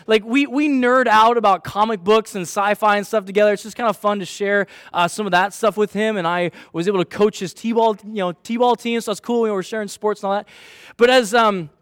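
High-voiced, chatty young pastor. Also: male voice, dry recording, studio quality. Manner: chatty, animated, self-mocking storyteller. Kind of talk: sermon with a personal story.

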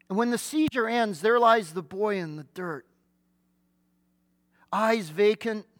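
A man with a notably high voice delivers a sermon, retelling a scripture story with vivid detail and dramatic pauses. He speaks earnestly and puts rhetorical questions to his listeners. The recording is close and dry. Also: a bit bright, no echo. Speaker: pastor.

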